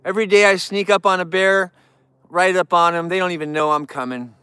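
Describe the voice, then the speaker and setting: A man talks casually to his live-stream audience while he is outdoors with bears, rambling along and thanking viewers by name. His voice is smooth, clear and slightly high. The sound is close and dry, with little room echo. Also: fairly quick. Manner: cooing baby talk to the bears, squealing high; relaxed, rambling, reads out chat names. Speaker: livestream host with bears. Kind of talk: casual livestream chat.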